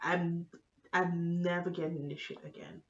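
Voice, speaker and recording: A woman telling a comedic, profane story in an animated vlog style. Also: fairly low pitch, unhurried, dull audio. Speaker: vlogger.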